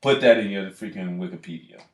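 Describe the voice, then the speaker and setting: A man's voice: sits low, fairly quick. A man on a casual podcast, telling stories in a rambling, profane way and laughing often. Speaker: podcast co-host. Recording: echoey room.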